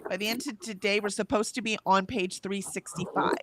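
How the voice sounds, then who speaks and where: A woman's voice: medium pitch, fairly even intonation, brisk, background noise. Chatty woman reading chat aloud. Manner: chatty, reads messages with bright lifts, laughs often. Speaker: livestream co-host reading chat.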